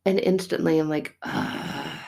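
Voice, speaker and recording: Gravelly-voiced mother musing on faith. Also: low voice, a little slow. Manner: animated, laughing, mock-exasperated asides. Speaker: mother sharing a faith reflection. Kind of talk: casual spoken reflection.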